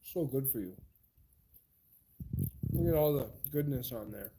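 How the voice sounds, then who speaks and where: A man's voice: mid-range voice, animated, a little slow, noisy background. A man vlogging casually to camera at home, rambling and eating while he talks. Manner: rambling, eats while talking.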